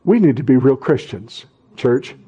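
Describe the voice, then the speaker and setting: Preaching with fervor and plenty of repetition, this middle-aged pastor rises into loud exhortation and trips into restarts on his asides. He has a medium pitch, lively intonation and a breathy edge, speaks a little slowly, and the highs are cut off.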